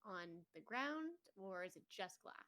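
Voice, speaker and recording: A woman taking part in a tabletop game, her voice bright and mid-pitched. She talks casually and checks the details of each scene with careful questions. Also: expressive, a little slow. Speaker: player.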